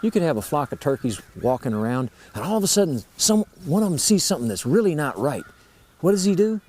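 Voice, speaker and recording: A man's voice: mid-range voice, sing-song, fast talker, darkish tone. A man teaching turkey calls, explaining each sound step by step in a folksy, plain-spoken way. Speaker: turkey-calling instructor. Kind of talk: instructional explanation.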